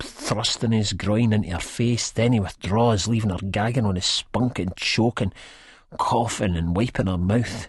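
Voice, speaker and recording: A man's voice: lowish voice, moderate pace, breathy edge, dry recording, studio quality. A man with a Scottish accent narrating an audiobook in first person, in a mumbling, hesitant way.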